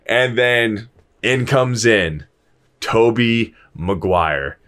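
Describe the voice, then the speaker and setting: A man's voice: fairly low pitch, slow pace, fairly bright tone. A man casually retelling a film plot as a podcast host, acting out the characters' lines and swearing freely. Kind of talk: casual spoiler chat.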